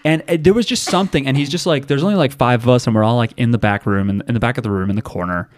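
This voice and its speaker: A man co-hosting a podcast, chatting casually and telling animated, jokey stories. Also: medium pitch, rapid-fire. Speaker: podcast co-host. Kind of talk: casual chat.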